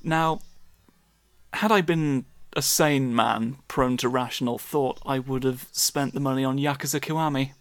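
A man's voice: medium pitch, measured pace, no echo. A man, co-hosting a casual podcast chat, rambling and self-deprecating with the odd swear. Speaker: podcast co-host.

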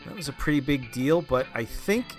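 A man's voice: medium pitch, lively intonation, normal speed, faint music behind. A man co-hosting a collecting podcast, telling stories in an upbeat, casual way. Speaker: podcast co-host. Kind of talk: casual chat.

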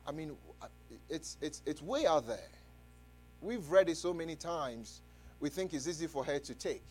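High-voiced fervent male preacher. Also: animated, moderate pace. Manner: fervent, stammering restarts, frequent praise interjections; shouting scripture with the congregation. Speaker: pastor. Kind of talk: radio sermon with call-and-response.

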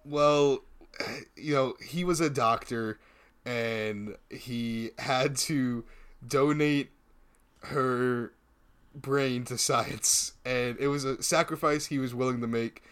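A man's voice: medium pitch, slow, fairly bright tone, smooth, no echo. A man co-hosting a casual comedy podcast, riffing playfully and teasing his partner's jokes. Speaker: podcast co-host.

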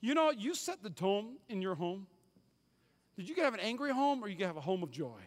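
A man preaching a sermon as pastor, emphatic, repeating key phrases and swinging from loud to hushed. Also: high-pitched, very animated, moderate pace. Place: church sanctuary. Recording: hall reverb, church sanctuary.

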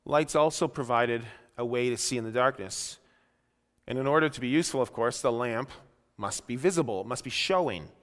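Emphatic preacher in a reverberant hall. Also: male voice, medium pitch, a bit bright. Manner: emphatic, rising and falling with slow stressed phrases. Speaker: pastor. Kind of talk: sermon.

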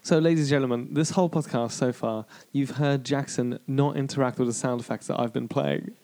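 A man's voice: medium pitch, fairly even intonation, darkish tone. A man hosting a comedy podcast, bubbly and teasing, often giggling. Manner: bubbly, giggly, quick to tease. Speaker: podcast host.

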